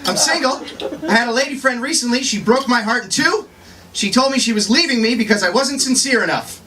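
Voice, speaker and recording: A man's voice: extremely high pitch, fairly quick. A man playing a grown-up Tiny Tim as a brash, self-promoting stand-up comic who tells hammy, corny punchlines. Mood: boastful. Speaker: stand-up comedian. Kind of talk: live character stand-up. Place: bookstore, indoors. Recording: far-off live room with loud crowd.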